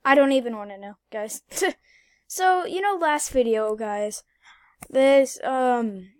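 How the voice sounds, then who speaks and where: A young woman talks over her gameplay in a high, bright voice, casual and excitable. She repeats herself when things get tense, slipping from near-whispers to loud shouts. The recording is close and dry, with no room sound. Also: slow pace, dry recording. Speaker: gaming YouTuber.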